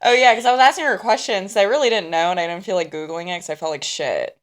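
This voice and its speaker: A woman's voice: mid-range voice, fast talker. A woman co-hosting a casual podcast chat, giggly, swearing freely and mimicking others as she tells stories. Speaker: podcast co-host.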